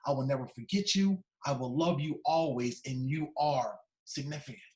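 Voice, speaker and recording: A man voicing a warm, doting female schoolteacher who gushes over her pupils, in an echoey hall. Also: medium pitch, moderate pace, lightly acted. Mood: tender. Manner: gushing and affectionate with the children.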